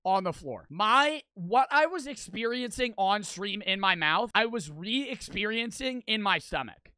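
A young man and streamer telling a story to camera in an animated, crude way, swearing constantly and repeating lines for effect. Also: sits high, measured pace, few pauses, smooth, no room sound.

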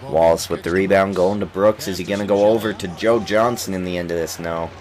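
Deep-voiced and fairly quick, the young gaming YouTuber commentates casually and excitedly on a basketball game. He mocks the players on screen and coughs occasionally, still recovering from an illness.

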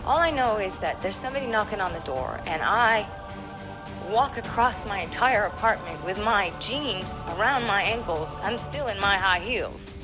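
A woman guest in a candid podcast interview, telling a painful personal story with animated emotion. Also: mid-range voice, moderate pace, over music.

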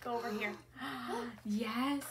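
A woman's voice: a little high, animated, slow, slight background noise. A woman in her thirties, a mother hosting a casual unboxing with her kids, gushing and easily moved. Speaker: mother and channel host.

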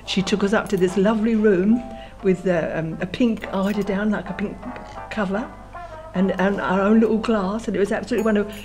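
A woman's voice: mid-range voice, fairly even intonation, brisk, over music. A woman, telling her life story in an oral history interview and often restarting her words as she remembers. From London. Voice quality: frequent restarts and repeated words while remembering.

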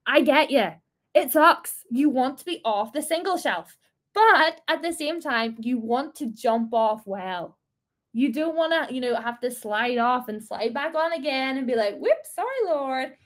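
A woman's voice: high-pitched, expressive, measured pace, fairly bright tone. A woman in her twenties leading a casual faith talk for a group, playful and encouraging, laughing often. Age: 20s. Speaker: small group leader.

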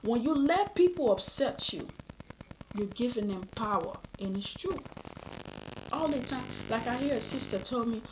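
A woman's voice: a little high, animated, normal speed, background noise. A woman from Leone, preaching a sermon in an earnest storytelling way with frequent restarts. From Sierra Leone.

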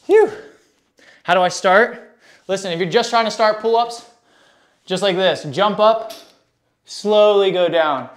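A man's voice: high voice, unhurried, pauses often, fairly bright tone. An out-of-breath man live-streaming a workout, chatting with viewers in a hyped, slangy way while exercising. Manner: hyped, slangy, reads chat aloud. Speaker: fitness streamer.

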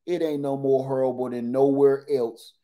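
Animated joking male livestream host. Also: mid-range voice, normal speed. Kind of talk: casual livestream storytelling.

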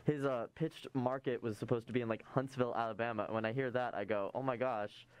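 A man's voice: medium pitch, steady tone, fast talker, smooth, dry recording. A young man co-hosting a campus radio show, chatting casually with rambling, joking, self-interrupting talk. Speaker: co-host. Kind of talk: casual chat. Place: campus studio.

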